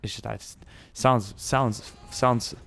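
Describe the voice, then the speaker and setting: A man's voice: medium pitch, steady tone, slow pace, creaky, a bit bright. A man giving casual, rambling gameplay commentary, musing aloud and swearing now and then. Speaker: gaming channel host.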